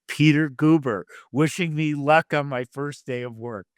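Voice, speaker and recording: An older man, a literary agent and producer, tells career anecdotes as an interview guest, his voice on the high side, a little slow, clear and resonant. He's a lively storyteller who acts out the dialogue of the people in his stories, talking loosely with fillers and restarting mid-thought. The recording is dry, with clean studio sound.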